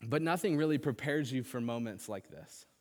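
A man's voice: medium pitch, moderate pace. A man delivering a sermon from the pulpit, speaking in an earnest, conversational way with casual fillers. His mid-range voice rings out with a long reverb that trails off through a large church hall. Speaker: pastor.

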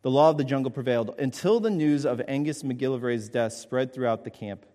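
A man's voice: mid-range voice, a little fast, mellow, big-room sound. A man preaching a sermon, emphatic, repeating his points and checking in with the congregation. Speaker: pastor.

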